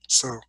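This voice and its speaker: A male business school professor from India giving a classroom lecture, emphatic and animated, acting out quoted people, clearing his throat from allergies. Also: no echo, low-quality recording.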